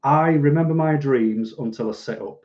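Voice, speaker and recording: A man's voice: on the high side, normal speed, darkish tone, dull audio. A man with a Mancunian accent, hosting a casual livestream and answering viewer comments in a dry, self-deprecating way. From Manchester, England. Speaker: livestream host.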